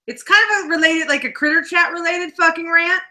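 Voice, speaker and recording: A woman's voice: extremely high pitch, steady tone, brisk, bright, forceful tone. A woman co-hosting a casual talk show, joking and ranting with lots of profanity. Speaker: podcast co-host. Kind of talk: casual chat.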